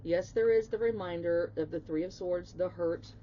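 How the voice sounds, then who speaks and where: A woman reads tarot in a loose, chatty way, warm and mellow in tone. She presses her points emphatically and curses now and then without a second thought. The recording sounds a little dull and muffled, with a faint hiss underneath. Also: fairly low pitch, moderate pace. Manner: emphatic, chatty, swings into emotional outbursts; blunt, swears casually. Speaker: tarot reader. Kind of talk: casual spoken tarot reading.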